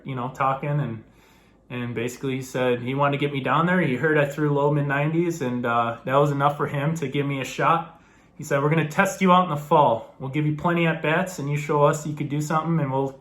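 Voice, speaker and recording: A young man tells a story straight to the camera in a relaxed, chatty way. His voice sits a little high for a man. He gets animated, often laughs, and acts out the people in the story. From New York. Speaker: former college baseball player telling his story.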